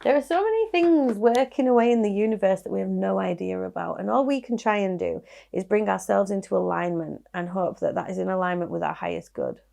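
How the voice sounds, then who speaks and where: A woman's voice: mid-range voice, fairly quick, gravelly, few pauses, mellow. A woman with a Yorkshire accent giving a casual tarot reading, chatty and reassuring as she muses over the cards. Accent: Yorkshire English. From Yorkshire, England. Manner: chatty, musing, reassuring, with small laughs and restarts. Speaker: tarot reader.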